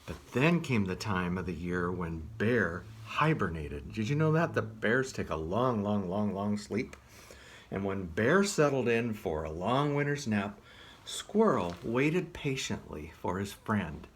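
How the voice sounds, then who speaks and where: A man reading a picture book aloud as a children's librarian, gently asking the listener questions. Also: lowish voice, very animated, unhurried, husky.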